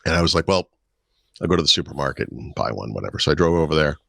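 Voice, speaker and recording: A man's voice: a bass voice, animated, rapid-fire, vocal fry, fairly bright tone, no echo. A middle-aged man and podcast co-host, telling wry anecdotes in casual chat. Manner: storytelling, wry, puts on voices in anecdotes.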